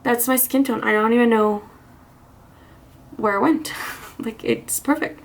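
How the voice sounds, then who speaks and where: A woman's voice: on the high side, steady tone, unhurried, a little hiss or hum. A woman chatting casually through a get-ready-with-me makeup vlog, rambling with restarts and small laughs, a little out of breath. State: slightly out of breath. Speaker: beauty vlogger.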